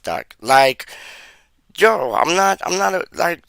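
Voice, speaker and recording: A man's voice: on the high side, big pitch swings, takes it slowly, creaky, sharp tone, no echo. A man chatting casually about football on a livestream, slangy and rambling, repeating himself and calling people "dog". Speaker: livestream host reading chat.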